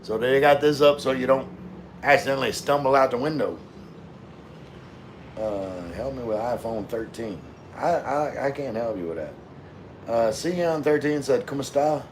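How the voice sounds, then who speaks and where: A man reading viewer comments on a casual live stream, rambling and relaxed while drinking with his chat. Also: mid-range voice, moderate pace, slight background noise. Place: room with floor-to-ceiling window.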